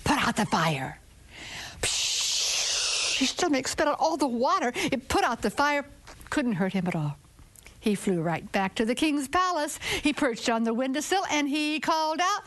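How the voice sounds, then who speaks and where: A woman storyteller telling a children's folktale with expressive, drawn-out phrasing and sudden whispered asides. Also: sits high.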